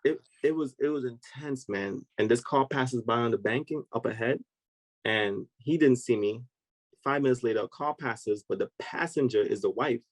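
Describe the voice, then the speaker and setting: A man recounts a story with real energy, jumping into the voices of the people in it. His voice sits at an ordinary middle pitch. The recording is close and dry, with no room sound around him. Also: moderate pace, no echo, poor audio. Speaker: podcast guest. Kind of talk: animated storytelling in conversation.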